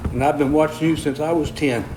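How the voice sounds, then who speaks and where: An older man's slightly high voice moves briskly with a steady tone over background noise. Walking a treadmill and reading viewer comments during a casual livestream, he's slightly out of breath, folksy, easygoing, and quick to chuckle.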